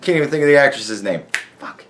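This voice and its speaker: A man's voice: mid-range voice, fast talker, slight background noise. A man hosting his own podcast, ranting in a loose, profane monologue full of swearing. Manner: animated, swearing constantly. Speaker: podcast host.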